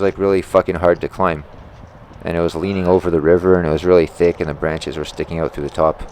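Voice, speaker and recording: Low-voiced, profane ranting man. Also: darkish tone, a little hiss or hum. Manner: profane, exasperated, rambling. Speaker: tree service worker. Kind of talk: ranting storytime vlog.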